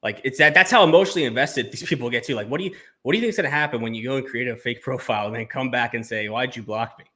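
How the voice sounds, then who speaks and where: Male podcast host, rapid-fire delivery, sarcastic and profane, casual. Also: mid-range voice, sharp tone.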